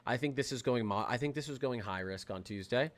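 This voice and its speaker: A young man hosting a live weather stream, talking in an excitable, rambling way with lots of fillers and restarts. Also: mid-range voice, a little fast. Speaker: weather livestream host. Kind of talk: casual livestream commentary.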